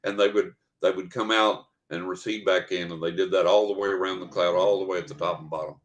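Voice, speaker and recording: An older man from West Texas, a podcast guest telling a personal story in a lively way. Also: sits low, fast, dull audio, a little hiss or hum. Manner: animated storyteller who acts out what people said.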